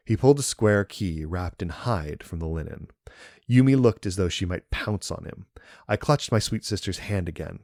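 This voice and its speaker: A man narrating a first-person horror story in a calm, even storytelling manner. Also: sits low, moderate pace, no echo, clean studio sound.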